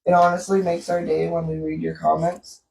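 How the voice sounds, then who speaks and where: Chatty woman, gravelly and roomy. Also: fairly low pitch, flat delivery, a little fast, dark tone, a little hiss or hum. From Canada. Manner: chatty storytelling, laughs often. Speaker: vlog co-host. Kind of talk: casual chat. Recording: roomy echo, distant from the mic.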